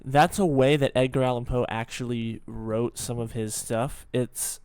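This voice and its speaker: Smooth-voiced young man hosting reactions. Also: mid-range voice, fairly even intonation, measured pace, darkish tone, no echo, clean studio sound. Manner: chatty, stops to explain and joke. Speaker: reaction video host. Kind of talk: casual reaction commentary.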